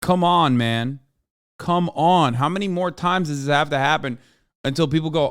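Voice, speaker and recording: A man's voice: a little high, moderate pace, clear, resonant tone, dry recording, clean studio sound. A man streaming a reaction, ranting angrily and emphatically with heavy profanity. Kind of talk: heated livestream reaction commentary.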